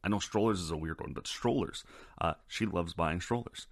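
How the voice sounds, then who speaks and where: A man's voice: deep voice, normal speed, no echo. A man hosting a casual podcast chat, swearing freely and wandering into rambling asides. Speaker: podcast host.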